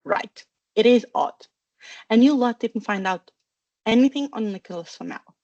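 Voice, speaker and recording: A woman voicing a bookish, bossy schoolgirl witch who asks brisk, insistent questions in a storybook reading. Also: high voice, animated, darkish tone, husky, no echo, dull audio, pitched above the performer's own voice, exaggerated voice.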